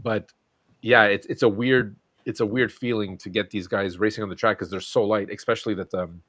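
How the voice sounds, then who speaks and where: Guy hosting a chill chat show, kinda low voice, rambles with lots of ums, dry close sound. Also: fairly even intonation, brisk, fairly bright tone, no echo. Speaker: host. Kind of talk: casual chat.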